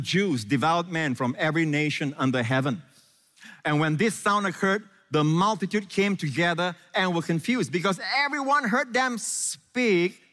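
Impassioned male preacher in a hall. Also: on the high side. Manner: impassioned preaching, swinging from loud questions to hushed reassurance. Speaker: pastor. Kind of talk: sermon.

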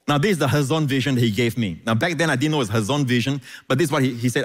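A man's voice: mid-range voice, lively intonation, quick pace, hardly any pauses, long reverb tail, soft background music. A man preaching a sermon, often restarting and repeating words, punctuated with frequent amens. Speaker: pastor.

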